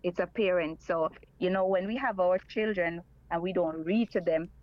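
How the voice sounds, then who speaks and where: A woman's voice: lowish voice, normal speed, no echo, muffled recording. A woman calling in to a radio talk show, speaking earnestly and repeating her points. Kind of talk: call-in radio chat.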